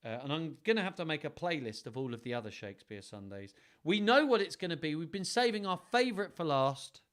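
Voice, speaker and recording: Chatty man, slightly high voice. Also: lively intonation, fast talker, a bit bright. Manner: chatty and playful, thinking aloud. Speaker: live stream host. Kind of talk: casual live-stream chat.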